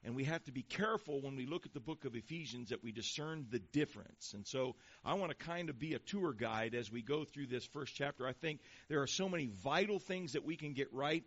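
A man preaching a sermon to a congregation, reading scripture slowly and with stress on each phrase. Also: mid-range voice. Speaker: pastor. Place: church before a congregation. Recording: dull lo-fi sound.

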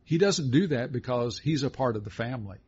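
A man's voice: medium pitch, expressive, a little fast, darkish tone, husky. A middle-aged man co-hosting a Christian teaching talk, folksy and affirming as he reads and explains scripture. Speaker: co-host of a Christian teaching show. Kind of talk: conversational Bible teaching. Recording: dull lo-fi sound.

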